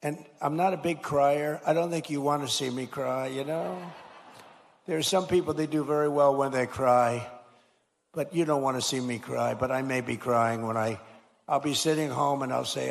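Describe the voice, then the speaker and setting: A man's voice: mid-range voice, fairly even intonation, moderate pace, vocal fry. A man, a politician, giving a rambling, repetitive and emphatic rally speech from a podium mic in a large school hall. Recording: long hall reverb.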